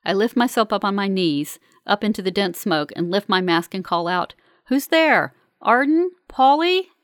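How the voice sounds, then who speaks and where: A woman reading a first-person story aloud in a calm, measured, earnest way. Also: medium pitch, clean tone, no echo, clean studio sound. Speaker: narrator. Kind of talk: first-person audiobook narration.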